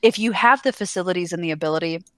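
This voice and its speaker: A woman's voice: on the low side, rapid-fire, fairly bright tone, dry recording, studio quality. A woman co-hosting a podcast in casual chat, chatty, with many "like"s and frequent giggles. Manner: chatty, filler-heavy, giggly. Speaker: podcast co-host.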